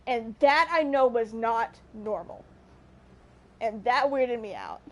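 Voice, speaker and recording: A young woman streamer talks in a high, light voice, chatting casually to her viewers. She rambles earnestly and keeps breaking off mid-sentence to restart. Her delivery stays loose and unscripted throughout. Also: expressive, takes it slowly. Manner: rambling, self-interrupting, earnest. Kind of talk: casual storytelling on a live stream.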